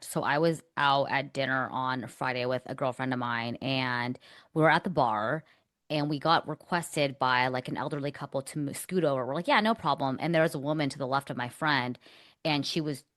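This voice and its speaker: A young woman co-hosts a podcast and tells a story in a casual, animated way, acting out what other people said. Her voice sits very low for a woman. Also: normal speed. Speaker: podcast co-host.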